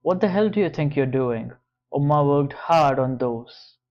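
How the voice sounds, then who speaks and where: A man's voice: fairly high pitch, lively intonation, measured pace, darkish tone, highs cut off. A man reading an audiobook, voicing a defensive young college woman in a raised, strained, urgent voice. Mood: alarmed.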